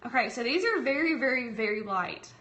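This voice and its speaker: A woman's voice: on the high side, lively intonation, a little fast, sharp tone. A woman from Tennessee with a Southern accent, hosting a casual live craft tutorial, chatting with viewers and calling them y'all while she works. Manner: chatty and friendly, calls viewers y'all, talks while working. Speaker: craft livestream host. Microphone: tablet streaming app.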